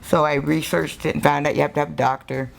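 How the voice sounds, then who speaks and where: An older American woman with a low, gravelly voice tells her stories as a tattoo artist in an interview. She is animated, breaks into laughter often, and acts out the people she quotes. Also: fast talker, a little hiss or hum. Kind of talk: storytelling interview.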